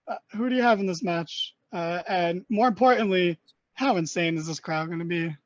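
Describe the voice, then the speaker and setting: A man's voice: high voice, normal speed, no room sound. Male podcast host, agreeable, steers the chat, recorded on a dry, lo-fi mic. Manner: agreeable, runs the talk, hands the mic to others. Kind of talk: casual chat. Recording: dry, dull lo-fi call mic.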